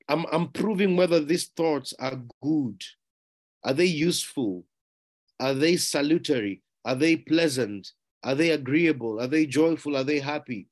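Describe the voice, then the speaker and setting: A man preaching a sermon, emphatic, asking rhetorical questions and repeating key phrases. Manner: rising in pitch and loudness on key words.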